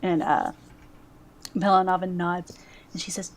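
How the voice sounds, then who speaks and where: A woman narrating a tabletop game as game master, describing scenes in a halting way with frequent pauses. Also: on the low side, fairly even intonation, darkish tone, slight background noise. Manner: halting, many fillers and restarts while describing scenes.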